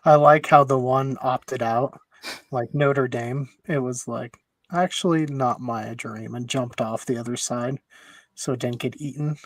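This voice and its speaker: A man's voice: medium pitch, fairly even intonation, a little slow, no echo. Easygoing male podcast host, dry sound. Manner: easygoing, chatty, laughs often. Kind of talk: casual sports chat.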